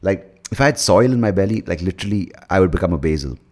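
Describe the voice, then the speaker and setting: Solo podcast host, extremely low voice, profane self-mocking ramble. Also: male voice, animated, fast talker, a little mellow. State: hungover. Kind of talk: casual solo monologue.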